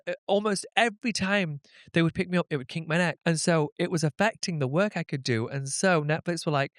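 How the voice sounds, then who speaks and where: A middle-aged man chatting as a podcast guest, animated and fond of acting out the voices in his stories. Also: fairly high pitch, no room sound, studio quality. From Britain. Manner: animated storyteller, acts out quoted voices. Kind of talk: casual chat.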